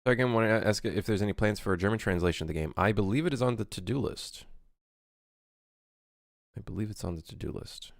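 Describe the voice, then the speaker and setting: A man's voice: lowish voice, quick pace, vocal fry, pauses often, dry recording, clean studio sound. A man in his late twenties, a game developer chatting casually on a livestream as he works, reading chat aloud and rambling with plenty of swearing. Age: late 20s.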